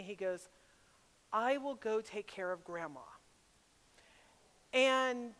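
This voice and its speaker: A middle-aged woman speaking at a women's retreat, telling a personal story with animated, sometimes loud bursts. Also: on the high side. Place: large hall at a camp retreat. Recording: long reverb of a large hall.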